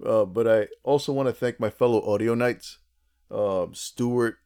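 A man's voice: medium pitch, a little slow, dark tone, smooth. A man co-hosting a casual podcast, chatty and jokey, often restarting his sentences. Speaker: podcast co-host.

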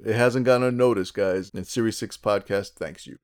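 A man's voice: on the low side, moderate pace. A man co-hosting a casual podcast, chatty and jokey, often restarting his sentences. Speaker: podcast co-host.

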